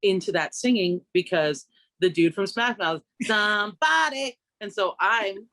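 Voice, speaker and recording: A woman's voice: moderate pace, dry recording. Reflective woman singer in a dry studio. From Canada. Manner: reflective, conversational, swoops up in pitch when quoting herself. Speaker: singer and vocal coach, interview guest. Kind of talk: radio interview chat.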